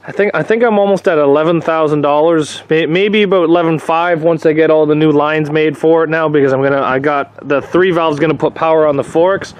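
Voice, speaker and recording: A man's voice: fairly high pitch, steady tone, a little fast, few pauses, clear, resonant tone. A man vlogging casually from his workshop, frustrated with a machine, rambling and restarting as he explains his repairs. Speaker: vlogger, shop owner.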